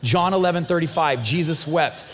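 A man's voice: fairly high pitch, moderate pace. A man preaching a sermon as a pastor, in a casual, conversational way, acting out the dialogue of the story.

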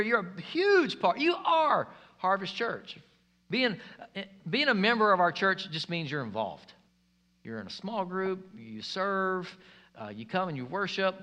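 Male pastor, emphatic storytelling sermon, bright tone. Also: sits high. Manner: energetic, emphatic preaching with storytelling. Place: church sanctuary.

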